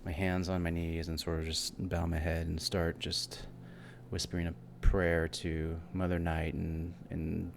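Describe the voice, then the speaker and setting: A man's voice: sits low, monotone, measured pace, creaky, a little hiss or hum. A man playing a tabletop game, speaking hesitantly and thoughtfully with many fillers. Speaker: player.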